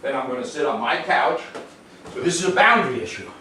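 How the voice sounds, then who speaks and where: A man working as a dog trainer, explaining calmly to the owners and giving a dog short, upbeat praise during a demonstration. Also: mid-range voice, fast talker. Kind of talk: instructional demonstration. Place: indoors in a home. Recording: roomy, distant sound with faint noise.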